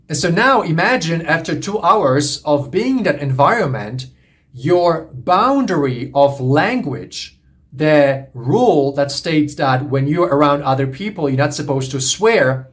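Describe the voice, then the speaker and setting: A man's voice: on the high side, a bit bright. A man coaching on relationships, lecturing in an earnest, repetitive, emphatic way. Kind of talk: monologue lecture to camera.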